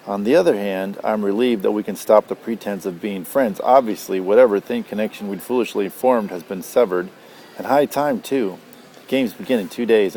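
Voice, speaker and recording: A father reading a novel aloud to his child, gentle and unhurried. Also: fairly low pitch, slight background noise. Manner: gentle, unhurried, tender asides.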